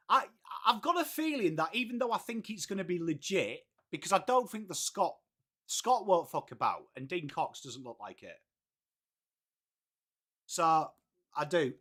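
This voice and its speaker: A high-pitched Englishman in his late thirties, with a bright, forward voice. He hosts a live stream in a loose, chatty way and calls everyone mate. He greets viewers by name. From England. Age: late 30s. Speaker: livestream host. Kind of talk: casual live-stream chat.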